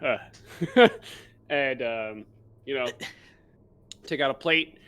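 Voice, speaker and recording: A man's voice: medium pitch, slow pace, crowd noise. A man playing a tabletop game, rambling through his character's actions with many fillers. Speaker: player. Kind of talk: casual tabletop play.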